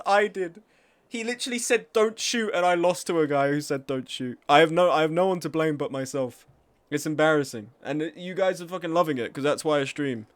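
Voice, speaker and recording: Guy streaming a game, kinda high voice, swears a lot and roasts himself to chat. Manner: self-deprecating, sweary banter with chat. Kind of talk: casual live-stream chat while gaming.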